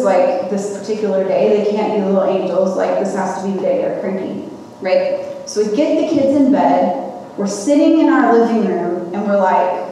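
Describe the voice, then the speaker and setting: A woman in campus ministry telling a chatty, animated story during a sermon to students. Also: mid-range voice, slight background noise. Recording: echoey hall mic from a distance.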